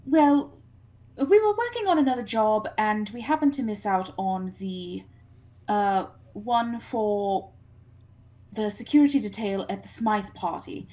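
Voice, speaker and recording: Refined female adventurer, polite, formal, measured, mid pitch, a woman player doing her. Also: expressive, mellow, close to an everyday voice.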